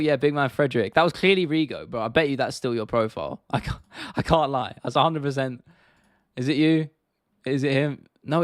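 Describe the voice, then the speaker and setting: Young male streamer, mid-pitched, easygoing and sweary, dry close mic. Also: no room sound. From United Kingdom. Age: 20s. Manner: laid-back, sweary, laughs often. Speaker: livestream host. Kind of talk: casual livestream Q&A.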